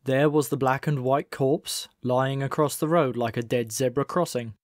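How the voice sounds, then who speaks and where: A man narrates a comic novel as an audiobook, measured and wry in his delivery. His voice sits at a middle pitch and is recorded close and dry, with no room sound. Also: steady tone, dry recording. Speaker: audiobook reader. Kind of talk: scripted narration.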